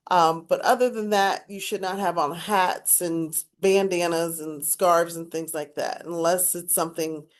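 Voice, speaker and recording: A woman speech instructor giving a recorded class lecture, explaining and demonstrating points with emphatic, varied inflection. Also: fairly low pitch.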